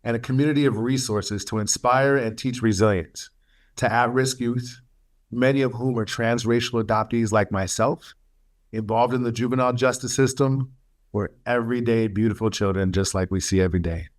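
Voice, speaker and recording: A man sharing his life story as a webinar speaker, earnest and emotional, with halting pauses and fillers. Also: mid-range voice, fairly even intonation. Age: adult, studying for a master's. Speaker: webinar speaker, youth mentor.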